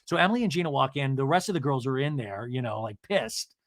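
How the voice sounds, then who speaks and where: A man hosting a podcast, recapping a reality show in an animated, gossipy way, swearing freely. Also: mid-range voice, fast, dry recording, clean studio sound. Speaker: podcast host. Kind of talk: casual recap commentary.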